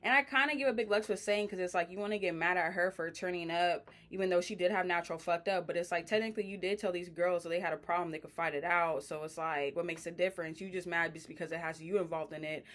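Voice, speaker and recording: A woman's voice: lowish voice, steady tone, fast, hardly any pauses, a bit bright. A woman casually recapping a reality TV reunion in blunt, profane slang.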